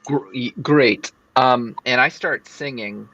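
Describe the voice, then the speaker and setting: A man playing a tabletop game, describing his actions in a halting, stumbling way. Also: medium pitch, pushed and bright, lo-fi sound. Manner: halting, self-correcting. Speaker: player. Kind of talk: casual tabletop role-play.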